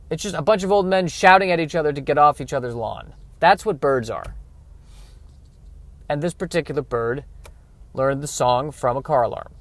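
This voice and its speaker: A man's voice: on the high side, expressive, moderate pace, pauses often, dry recording. A man hosting a casual comedic solo podcast, rambling in a self-deprecating way and often restarting his sentences. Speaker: podcast host.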